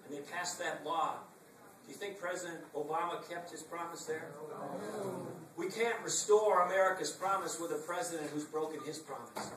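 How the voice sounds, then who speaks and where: Middle-aged man, higher pitch, emphatic political speaker, echoey room recorded from afar. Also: recorded from a distance, noisy background. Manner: emphatic, rhetorical repetition, wry asides. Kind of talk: campaign stump speech. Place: packed meeting room.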